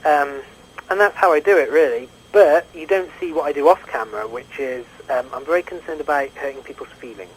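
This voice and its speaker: A British man in a casual interview, audibly drunk and trying to hide it. His voice sits a little high for a man, and his speech wanders and stops to restart constantly. A faint hiss runs under it. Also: poor audio. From Britain. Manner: halting, rambling, many restarts. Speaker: guest.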